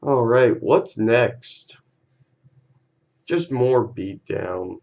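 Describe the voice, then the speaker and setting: A man's voice: mid-range voice, extremely slow, vocal fry, a little mellow, lo-fi sound. A man casually talking through a card game on a live stream, laid-back and easily amused, with casual swearing.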